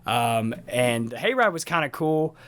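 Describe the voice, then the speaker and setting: A man co-hosting a podcast, telling a story in a profane, animated way and acting out his own screams. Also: mid-range voice, unhurried. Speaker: podcast co-host.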